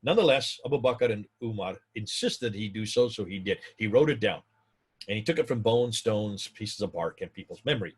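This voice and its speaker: A man delivering a lecture in a husky voice that swings widely up and down in pitch. He hammers his points home by repeating them, talks straight to his audience and builds to excited highs. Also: a little fast. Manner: emphatic, repeats points, rising to excited peaks; addresses viewers directly.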